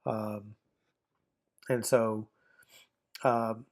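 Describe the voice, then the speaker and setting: Man teaching a relaxed online lesson. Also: fairly low pitch, drawn-out words. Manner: explanatory, repeats and rephrases himself with fillers. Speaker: Greek grammar teacher.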